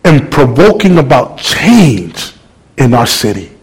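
A man preaching a sermon, telling a story with lively, animated delivery that climbs toward near-shouting. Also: mid-range voice, takes it slowly, breathy edge, poor audio. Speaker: pastor.

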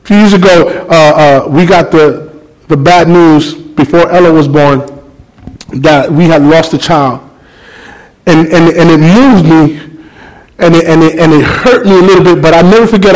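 A middle-aged pastor with a high voice delivers a passionate sermon. He moves between ringing calls and quiet, low, heartfelt moments. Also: normal speed, poor audio. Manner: passionate preaching, shifts between loud calls and soft low reflection.

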